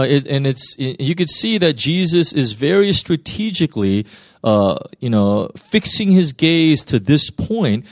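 A man's voice: medium pitch, no room sound, clean studio sound. A man, a pastor, reading a Bible passage aloud and then preaching in a loose, conversational way, with many fillers and restarts. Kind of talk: scripture reading and sermon.

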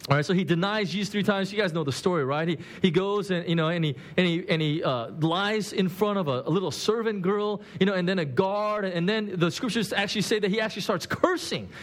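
A man's voice: high-pitched, brisk, hardly any pauses. A man preaching a sermon in a conversational way, acting out the quoted lines with big swings in his voice. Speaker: pastor.

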